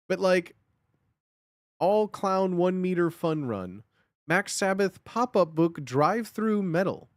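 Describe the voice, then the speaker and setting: An excitable male streamer talks to his chat in slangy, repetitive bursts. His voice sits high and swings widely in pitch. The sound is dry and close, with no room around it. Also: no echo. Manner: excitable, slangy, repeats himself. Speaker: streamer reacting to videos. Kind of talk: casual reaction commentary.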